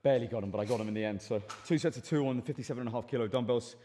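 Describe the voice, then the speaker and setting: A man's voice: medium pitch, racing. Breathless man in an echoey gym. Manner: upbeat, coaching himself through sets. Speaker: fitness vlogger. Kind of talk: gym workout vlog commentary. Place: indoor gym. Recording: echoey gym from far off, loud background noise.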